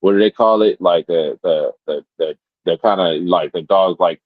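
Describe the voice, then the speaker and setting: Low-voiced man telling a rambling story. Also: moderate pace, no echo, narrow, tinny audio. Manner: rambling with many restarts and fillers. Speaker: podcast guest. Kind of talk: casual storytelling.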